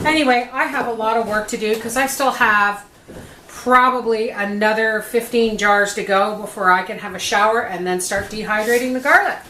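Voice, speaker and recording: A woman's voice: fairly high pitch, normal speed, sharp tone, slight background noise. A woman hosting a homestead cooking video, chatting in a folksy way as she walks through each kitchen step. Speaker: homestead vlogger demonstrating food preservation. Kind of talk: casual kitchen demonstration.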